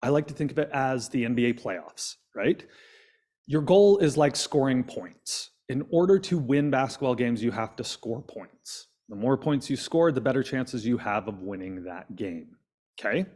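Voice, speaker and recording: A man leading a coaching session on a video call, lively and quizzing his audience. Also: medium pitch, normal speed. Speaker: business coach.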